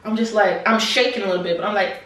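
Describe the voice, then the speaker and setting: A young adult woman telling a personal story to camera in a casual, animated way, repeating phrases and sometimes dropping to a near-whisper. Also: mid-range voice, fast, roomy sound. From New Jersey, USA. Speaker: vlogger.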